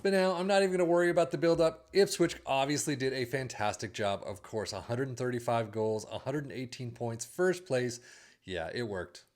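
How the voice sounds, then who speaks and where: A man's voice: medium pitch, fairly quick. A man hosting a casual game review channel, chatty and upbeat as he reads through results and stats. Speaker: video game channel host.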